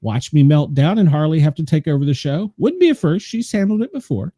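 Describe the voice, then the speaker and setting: A man's voice: on the high side, animated, fairly quick, warm tone, no echo, studio quality. An older man hosting a chat show, telling rambling stories and laughing often. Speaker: podcast host. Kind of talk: casual chat.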